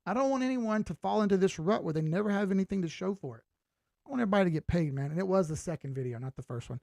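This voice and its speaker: Late-30s guy on a crypto stream, kinda high voice, laid-back and blunt, dry close mic. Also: animated, racing, gravelly, darkish tone, dry recording. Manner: laid-back, talks straight to viewers, swears casually. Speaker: crypto chart analyst and livestream host. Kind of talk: casual livestream chat.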